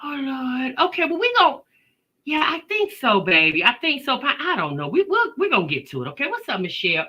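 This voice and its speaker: A woman's voice: high voice, wildly swooping pitch, brisk, sharp tone, husky. A woman hosting a casual livestream, greeting viewers by name and chatting, tired after a day at work. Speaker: reaction channel host.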